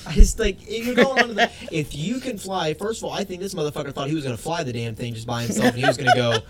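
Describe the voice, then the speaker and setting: A man's voice: on the high side, animated, fast, a crowd in the background. A man with a slightly raised voice co-hosts a laid-back podcast. He riffs with dry humor and casual swearing, bantering with his partner. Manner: dry, joking, swears freely. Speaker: podcast co-host.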